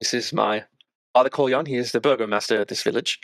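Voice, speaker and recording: A man's voice: mid-range voice, quick pace, creaky, fairly bright tone, dry recording. A man voicing a young woman, the daughter of a village burgomaster, who is earnest and keeps stumbling over her words. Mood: flustered welcome.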